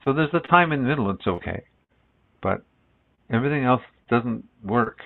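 A middle-aged man giving a relaxed spiritual talk as a meditation teacher, rambling and reflective with many restarts, heard on lo-fi phone-like audio. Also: medium pitch, normal speed, vocal fry.

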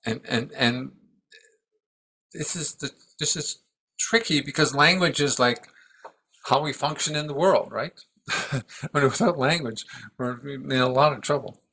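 Older male teacher, 70s, bright clear tone, reflective, pausing speech. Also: medium pitch. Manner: thoughtful, halting, restarts often. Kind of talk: reflective dharma talk.

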